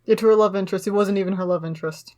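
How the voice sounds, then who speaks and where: A woman's voice: mid-range voice, steady tone, rapid-fire, darkish tone. A woman co-hosting a podcast, reviewing a movie in casual chat with sarcasm and frequent laughter. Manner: sarcastic, laughing, mocking voices when retelling scenes. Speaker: podcast co-host.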